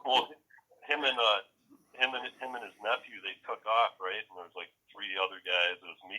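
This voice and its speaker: A man's voice: on the low side, fairly even intonation, a little fast, bright, forceful tone, rough recording. A man on a podcast telling a rambling, profane story in a casual way, laughing often. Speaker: podcast co-host.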